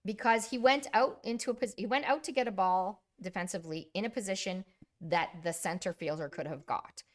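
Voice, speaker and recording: A woman co-hosting a casual chat, telling lively stories about coaching and acting out her own yelling. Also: mid-range voice, fairly quick. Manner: animated storyteller, acts out her own yelling. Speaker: podcast co-host.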